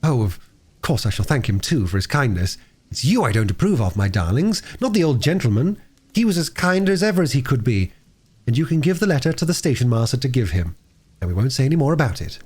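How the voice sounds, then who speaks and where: A man's voice: medium pitch, sing-song, brisk, darkish tone, breathy edge. A man reading an audiobook voices a loving mother of three, tenderly scolding her children. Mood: tender firm. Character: gentle mother of three, firm but loving.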